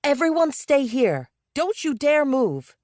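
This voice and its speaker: A woman doing a shrill, furious young woman. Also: very animated, normal speed, no room sound, clean studio sound. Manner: shrill, insistent, panicky. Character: frantic, bossy young woman employee.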